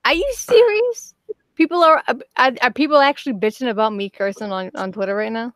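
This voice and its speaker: A woman's voice: a little high, a little fast, fairly bright tone, no room sound. A woman with a Boston accent hosting a casual livestream, blunt and swearing freely. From Boston area. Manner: blunt, swears a lot, reads chat aloud. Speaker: horror narrator and livestream host.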